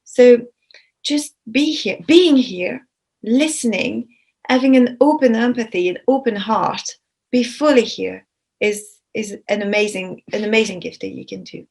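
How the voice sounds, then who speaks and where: Soft-spoken woman giving gentle advice. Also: a little high, a little slow, vocal fry. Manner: soft, repeats words, warm-hearted phrasing. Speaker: guest speaker. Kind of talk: gentle advice talk in a webinar.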